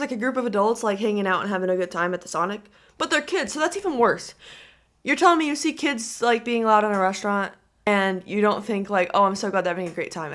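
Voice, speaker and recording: A woman's voice: a little high, a bit bright. A young woman in her twenties giving reaction commentary in a mocking, giggly, incredulous way. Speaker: commentary vlogger.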